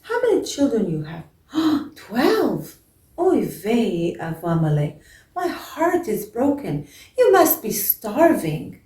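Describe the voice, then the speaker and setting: A gentle, grateful old man, the town's pious miser, as a woman storyteller puts him on, speaking in slow, soft, pleading tones. His voice sits a little high and drifts in from across a roomy, echoing space. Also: wildly swooping pitch, heavily acted. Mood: warm, concerned. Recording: echoey room, voice from a distance.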